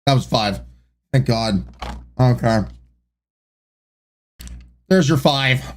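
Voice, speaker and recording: A man's voice: medium pitch, animated, takes it slowly. A man streaming live, chatting casually and mocking his own corny jokes. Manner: wry, self-mocking, sighs and laughs.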